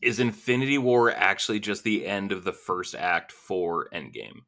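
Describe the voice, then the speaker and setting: Brief: young male podcast host, lowish voice, bright and forceful, swears a lot while he argues his point. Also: moderate pace. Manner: profane, emphatic, laughs often. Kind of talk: casual chat.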